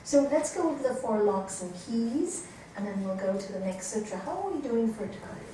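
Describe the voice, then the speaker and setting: A woman's voice: on the high side, moderate pace. A woman yoga teacher giving a training lecture, telling stories and asking her class questions. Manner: lively storytelling, asks the class questions. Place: yoga course room with students. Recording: echoey room, voice from a distance, faint noise.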